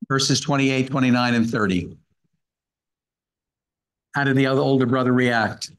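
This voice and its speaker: A man's voice: medium pitch, steady tone, normal speed, long pauses, a bit bright, low-quality recording. A man giving a Bible-hour sermon, earnestly reading scripture and explaining it verse by verse. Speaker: guest speaker at a Bible hour.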